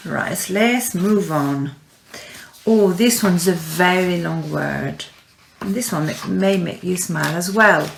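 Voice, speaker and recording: A woman teaching French words to young pupils, speaking slowly and patiently and stretching words out for them to repeat. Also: lowish voice, gravelly, echoey room, slight background noise. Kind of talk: slow, clear classroom instruction.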